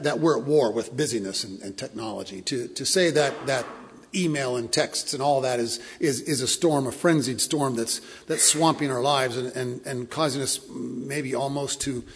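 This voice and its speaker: A man preaching a sermon as a pastor, earnest, often repeating words and dropping to a soft, slow hush. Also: medium pitch, vocal fry, breathy edge. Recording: long hall reverb.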